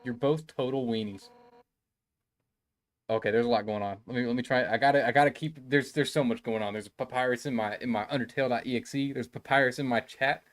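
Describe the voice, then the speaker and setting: A man's voice: medium pitch, steady tone, quick pace, hardly any pauses. A young man casually streaming a game, joking and rambling as he reacts to viewers in the chat. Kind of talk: casual live-stream commentary.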